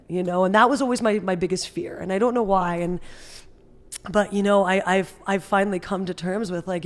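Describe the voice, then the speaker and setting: A young woman from Northern California, a podcast guest, talking casually and acting out quotes with big leaps in her voice. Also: a little fast. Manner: animated storyteller, acts out quotes with big jumps up in pitch. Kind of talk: casual interview chat.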